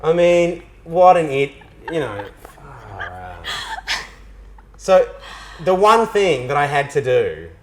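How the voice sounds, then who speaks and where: A man's voice: a little high, takes it slowly, rough recording. Australian male actor, chatty and self-mocking, slight hiss behind him. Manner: animated storyteller, self-mocking, frequent restarts. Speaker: actor being interviewed. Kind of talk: casual interview chat.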